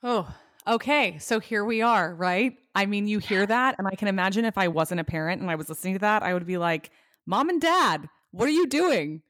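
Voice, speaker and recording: A woman's voice: mid-range voice, brisk, hardly any pauses, a bit bright, no echo, studio quality. A woman hosting a parenting podcast, speaking candidly and emotionally while asking questions. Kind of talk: casual podcast chat.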